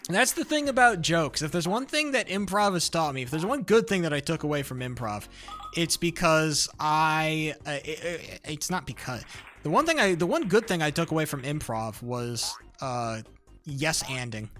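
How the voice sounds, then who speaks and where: A man's voice: on the high side, expressive, normal speed, fairly bright tone, faint music behind. A young man chatting casually on a live stream, rambling, restarting sentences and swearing a lot.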